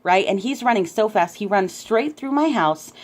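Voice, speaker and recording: A woman telling a story to her camera in a casual, animated way, often checking in with "right?". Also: medium pitch, moderate pace. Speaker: vlogger recounting a dream.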